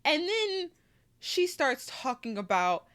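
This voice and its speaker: A woman's voice: sits high, very animated, slow pace, a bit bright. A woman giving casual review commentary on a TV show, emphatic and repetitive, with lots of "like" fillers.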